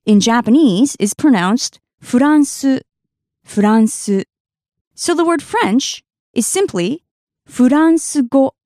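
Woman doing a language lesson, high voice that swoops around a lot, dry close sound, careful teacher talk. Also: darkish tone, no echo. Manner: clear, careful teaching delivery, slowing to sound out words.

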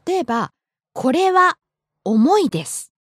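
A woman whose first language is Japanese, teaching it on a podcast in a lively, giggly way and modeling pronunciation. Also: sits high, normal speed, no echo, clean studio sound. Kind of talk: casual teaching chat.

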